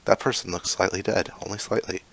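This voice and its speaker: A man reading game dialogue aloud and adding dry, sarcastic asides, with loud game music behind him. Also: low voice, steady tone, brisk, vocal fry. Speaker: let's play gamer.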